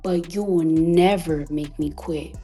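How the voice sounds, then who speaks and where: Low-voiced woman venting hard, defiant and sweary, keeps repeating herself, faint music behind. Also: fairly even intonation. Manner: emphatic, defiant, repetitive, profane; slows to a hushed whisper at times. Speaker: recording artist. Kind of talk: emotional monologue on a live audio chat.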